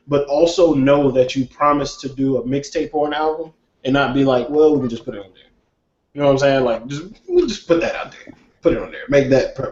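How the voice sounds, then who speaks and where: A man's voice: medium pitch, darkish tone. A man hosting a casual hip hop podcast, blunt and opinionated, swearing and laughing often. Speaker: podcast host. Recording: echoey lo-fi room mic.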